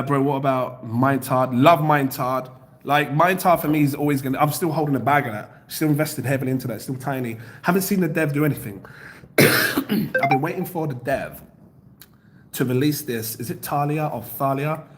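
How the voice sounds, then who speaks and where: A man's voice: mid-range voice, slight background noise. A man hosting a casual crypto livestream from home, rambling as he reads out viewer comments and web pages. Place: home, near his kitchen.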